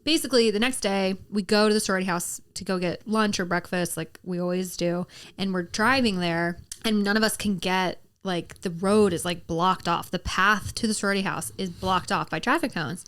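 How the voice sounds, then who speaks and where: A pregnant woman in her thirties co-hosting a casual podcast, telling stories in a relaxed, wry, chatty way. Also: mid-range voice, normal speed. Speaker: podcast co-host. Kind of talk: casual chat.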